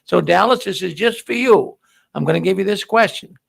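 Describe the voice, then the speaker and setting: A man's voice: high-pitched, animated, brisk, vocal fry, breathy edge. A man hosting a casual live-stream quiz, jokey and playful, often repeating himself. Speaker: show host running a quiz.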